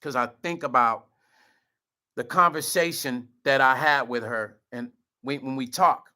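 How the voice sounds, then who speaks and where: Man, middle-aged, vlog host, earnest, emotional, close to tears, bright forceful voice. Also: medium pitch, a little slow. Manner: earnest, repeats himself, addresses viewers as y'all. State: choked up, near tears. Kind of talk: emotional direct-to-camera talk.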